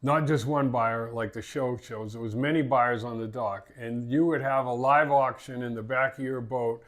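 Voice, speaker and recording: A man's voice: mid-range voice, fairly even intonation, normal speed. An older man with a Boston accent, a fishing captain telling stories in a casual interview, rambling and repeating words. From Massachusetts.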